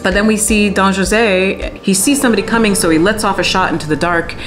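A woman explaining an opera plot in a chatty, animated way. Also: mid-range voice, a little fast, music in the background. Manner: chatty, animated, full of slang. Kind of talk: casual storytelling lesson.

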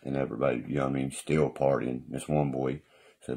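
A man's voice: extremely low pitch, fairly even intonation, a little fast, gravelly, dark tone, husky. A man rambling profanely and boastfully through stories on a live stream. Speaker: livestreamer.

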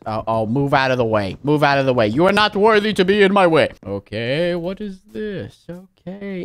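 Excitable man narrating his gameplay. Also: on the high side, clean tone. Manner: excitable, bursts into loud shrieks and gasps; narrates his own moves, jokey asides. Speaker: gaming channel host. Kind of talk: let's play commentary.

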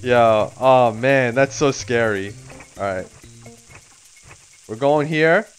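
A man from Florida streaming a video game live, casually chatting with viewers, swearing and breaking into excited outbursts. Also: mid-range voice, slow, clean tone, soft background music.

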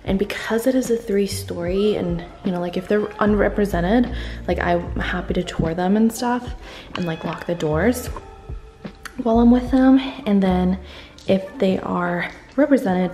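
A woman's voice: mid-range voice, unhurried, mellow, faint music behind. Chatty young woman in an echoey empty house. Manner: chatty, many fillers like "um" and "like". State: a little out of breath. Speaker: real estate agent vlogger. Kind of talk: casual vlog talk to camera. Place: empty new house, indoors. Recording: roomy echo in an empty house.

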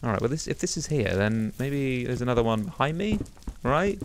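Lively young man gaming. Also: mid-range voice, a little fast. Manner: chatty, rambling self-talk with sudden excited exclamations. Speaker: let's play gamer. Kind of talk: casual gameplay commentary.

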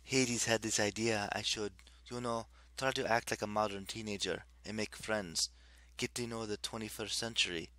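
A man reading an audiobook, voicing a brooding teenage boy in a quiet, subdued way. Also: on the low side, fairly even intonation, moderate pace, no room sound. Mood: wry. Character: brooding teenage boy, son of the underworld god.

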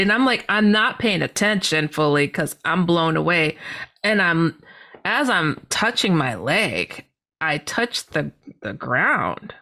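A middle-aged woman, a podcast guest, telling a personal story with animated delivery, acting out her own past lines with big pitch jumps and laughter. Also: takes it slowly.

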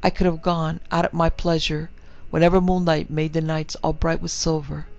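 A man's voice: fairly high pitch, little pitch movement, normal speed, a little mellow, highs cut off, lightly acted. A man voicing the tender ghost of a young girl, trembling and yearning, in a storybook reading. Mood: pleading. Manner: trembling, yearning, archaic speech.

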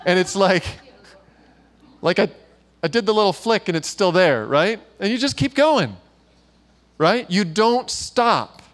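A guest preacher with a high, slightly bright voice speaks at a church gathering, his intonation lively but his pace measured and broken by long pauses. He delivers a conversational sermon, telling stories informally with plenty of fillers and asides.

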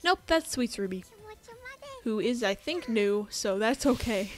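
A woman's voice: on the high side, lively intonation, measured pace, faint music behind. A woman doing casual commentary on her game pulls, chatty, begging for good luck and swearing when it fails. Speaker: gaming YouTuber. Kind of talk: casual gacha pull commentary.

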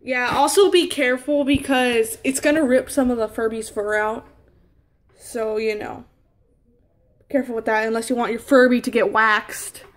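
A woman's voice: on the high side, fairly even intonation, normal speed. A young woman filming a crafting vlog, flustered and laughing at her own slip-ups. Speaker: crafting vlogger. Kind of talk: casual blooper vlog.

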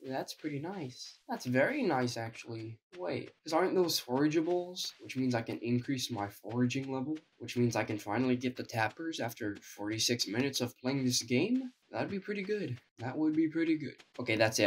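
A man's voice: mid-range voice, animated, brisk, hardly any pauses, a little hiss or hum. A young man giving casual gameplay commentary, sarcastic and profane, talking to himself with a strained voice. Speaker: gaming video creator.

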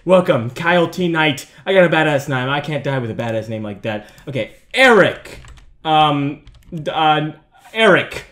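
A man's voice: a little high, animated, moderate pace, fairly bright tone. A young man commentating a horror game playthrough, jumpy and swearing, yelping and laughing at the scares. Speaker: gaming video host.

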